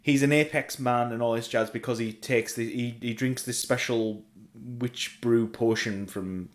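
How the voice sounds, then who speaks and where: A man's voice: mid-range voice, fairly even intonation, measured pace. Middle aged aussie guy rambling on about comics, casual podcast chat. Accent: Australian. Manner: rambling, eager comic-book fan. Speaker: podcast co-host.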